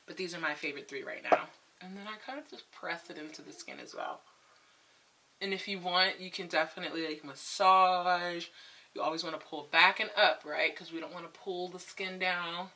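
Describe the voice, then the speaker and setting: Young woman beauty vlogger, chatty and frank, crisp forceful tone. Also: lowish voice, moderate pace. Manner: chatty, candid, laughs often. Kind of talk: casual skincare chat.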